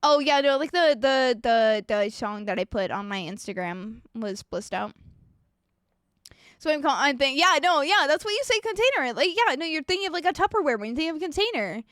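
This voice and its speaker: A woman's voice: sits high, normal speed, no room sound, studio quality. A young adult woman streaming live, telling stories with plenty of swearing and reading out her chat. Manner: animated, swearing, ranting storyteller; reads and answers chat messages.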